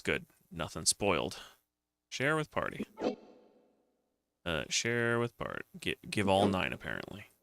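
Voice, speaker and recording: A man's voice: low voice, vocal fry, a bit bright, clear, resonant tone, dry recording. A man streaming a retro computer game, muttering to himself in casual commentary as he plays. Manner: muttering to himself while playing. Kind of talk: casual let's-play commentary.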